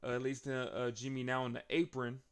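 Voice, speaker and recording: A man hosting a casual wrestling recap, retelling events in slangy, animated speech. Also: mid-range voice, brisk, clean tone. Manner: slangy, animated, laughs between beats.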